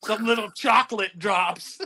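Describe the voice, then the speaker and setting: A man and former game show contestant, telling stories in a casual group chat, animated and laughing often. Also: high voice, measured pace, a little hiss or hum.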